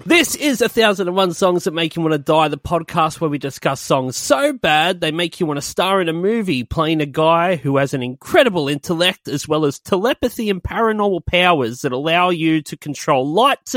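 A man's voice: a little high, animated, normal speed, few pauses, fairly bright tone, no room sound, studio quality. A man hosting a comedy podcast, telling jokey stories in casual banter and giggling often. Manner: giggly, joking storyteller. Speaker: podcast host.

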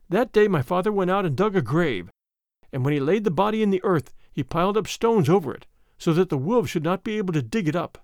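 A man narrating a first-person story in a measured, dramatic way. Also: fairly high pitch, dry recording, studio quality. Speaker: audiobook narrator.

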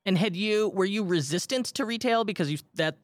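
Male interviewer, fairly high pitch, dry recording, animated delivery. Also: no room sound. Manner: animated, quick to paraphrase the guest. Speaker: podcast host. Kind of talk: conversational interview.

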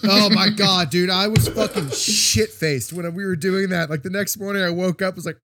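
A man co-hosting a podcast, telling crude, animated stories in casual chat. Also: high voice, normal speed, background noise. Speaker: podcast co-host. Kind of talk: casual movie-riffing chat.

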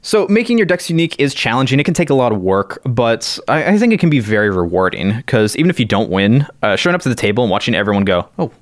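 A man's voice: medium pitch, big pitch swings, dry recording. Easygoing male podcast co-host, dry sound. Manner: upbeat and easygoing, quick to agree. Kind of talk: casual podcast chat.

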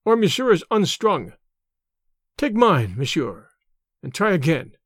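A serene, chivalrous adventurer speaks with measured formality, read by a man. The voice sits high for a man and is close and dry, with no room sound. He stays unhurried and composed. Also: big pitch swings, husky, no room sound, full character voice. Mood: calm. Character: calm, chivalrous jungle-raised gentleman, adult male.

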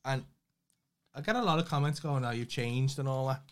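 A man's voice: mid-range voice, brisk, clear, resonant tone. A man, co-hosting a casual chat over wine, wry, self-mocking and sweary. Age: late 30s. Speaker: podcast co-host.

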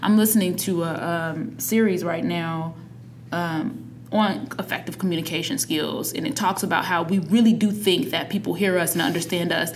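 Animated storytelling mother. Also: fairly low pitch, moderate pace. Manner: animated storytelling, acts out quotes. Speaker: parent. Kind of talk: casual conversation.

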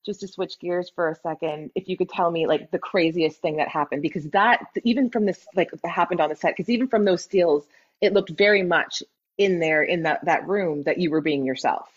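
A woman's voice: lowish voice, brisk. A woman hosting an interview, asking questions and reacting with enthusiasm. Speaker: interview host. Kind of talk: casual interview. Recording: dull lo-fi sound.

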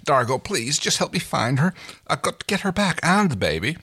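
Desperate human astronaut man, raised pitch, lively swings, read by a man. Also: normal speed. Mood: pleading. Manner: heated, emotional.

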